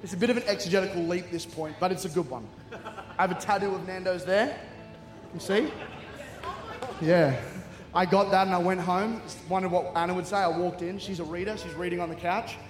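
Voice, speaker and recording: Fairly quick and high in pitch, an Australian man preaches a storytelling sermon as a guest to a congregation in a large church hall. He's animated and funny, mocking himself and breaking into laughter, with music in the background and an echoey hall with faint ambience.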